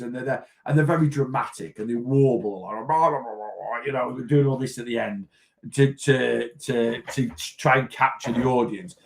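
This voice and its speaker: A man hosting a casual live weight-loss chat, his voice rising and falling a lot as he talks straight to the viewer. The tone has a gravelly edge that runs through his steady, mid-height voice. He often repeats himself and checks in with the viewer. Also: mid-range voice, normal speed.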